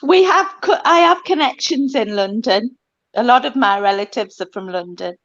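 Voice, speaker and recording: Congregation member, woman, high voice, muffled lo-fi audio. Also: lively intonation, normal speed.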